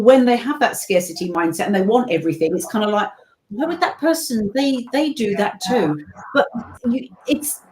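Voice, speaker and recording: A woman's voice: mid-range voice, a little mellow, slight background noise. A British woman who works as a voice-over narrator, chatting as a guest in a casual interview, talking in long rambling stories full of asides. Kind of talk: casual video-call interview.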